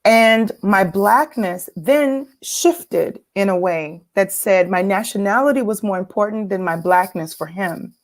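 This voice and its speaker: A woman's voice: medium pitch, unhurried, hardly any pauses. A woman from California, telling a personal story as a guest speaker in a reflective, earnest way. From California, United States. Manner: reflective, earnest, with some laughter.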